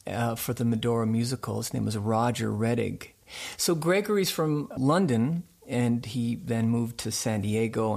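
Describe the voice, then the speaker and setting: Gravelly man spinning a folksy story. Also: mid-range voice, a little mellow. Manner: folksy, rambling anecdotes with restarts. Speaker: radio show host being interviewed. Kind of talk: relaxed conversational storytelling.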